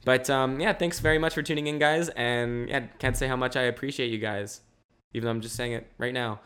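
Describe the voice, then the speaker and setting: A man's voice: medium pitch, fairly even intonation, a little fast, fairly bright tone, smooth. A young man hosting a casual solo podcast from home, rambling with restarts and swearing. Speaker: podcast host. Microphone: camera mic.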